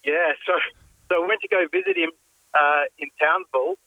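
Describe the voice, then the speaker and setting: A man calling a radio show and telling a story in a relaxed, hesitant way. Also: sits high, normal speed, vocal fry, dry recording, phone-quality sound. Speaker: caller.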